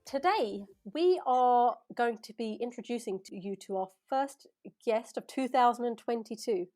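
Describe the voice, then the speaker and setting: A woman's voice: on the high side, normal speed, a little mellow, faint music behind. A woman co-hosting a casual podcast, upbeat and laughing often, introducing a guest. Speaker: podcast co-host.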